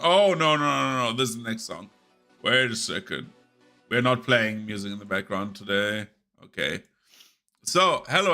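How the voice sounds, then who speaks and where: A man chatting loosely to his stream audience while he plays, his voice nasal and a bit rough because he is sick. His tone is bright and forward, at a middle pitch for a man. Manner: rambling and chatty, talking over gameplay. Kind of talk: casual live-stream chat while gaming.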